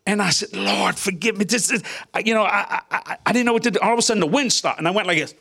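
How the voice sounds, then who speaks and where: An older man, a minister guest, telling a personal testimony in an interview, animated, chuckling often and acting out the voices he quotes. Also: high-pitched, quick pace, creaky, hardly any pauses.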